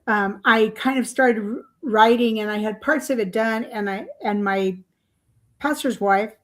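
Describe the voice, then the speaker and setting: Unhurried and on the high side, this older author's voice carries her story as a podcast interview guest. She rambles and chats, filling gaps with fillers and little laughs.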